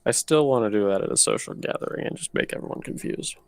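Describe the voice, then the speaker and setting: A man in a casual group chat who explains his ideas deliberately, with dry humor. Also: mid-range voice, dry recording. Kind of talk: casual chat before a tabletop game stream.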